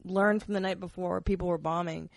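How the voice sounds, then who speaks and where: A woman, a comedian guesting on a podcast, chatting in a quick, joking way. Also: lowish voice, fairly even intonation, gravelly. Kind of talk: casual chat.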